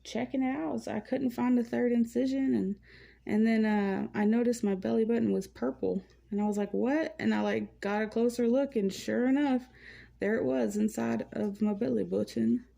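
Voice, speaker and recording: Dark-voiced woman chatting with a creaky edge. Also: on the high side, normal speed. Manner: relaxed, rambling storytelling with many fillers. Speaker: vlogger painting while chatting. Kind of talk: casual chat. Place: at home, indoors.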